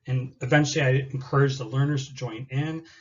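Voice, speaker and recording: A man's voice: mid-range voice, steady tone, fairly quick, highs cut off. A man giving a recorded class presentation on a teaching activity, explaining in a partly read style with occasional fillers.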